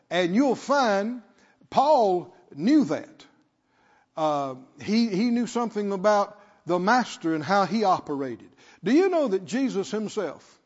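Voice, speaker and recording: This pastor's high, very animated voice moves at a measured pace as he delivers his sermon, calling out for responses and hammering phrases through repetition. The church sanctuary gives a long reverb, and the lo-fi recording sounds dull.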